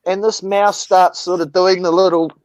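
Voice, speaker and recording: A man's voice: high voice, little pitch movement, normal speed, no echo. A man rambling through a funny story in casual chat, swearing as he goes.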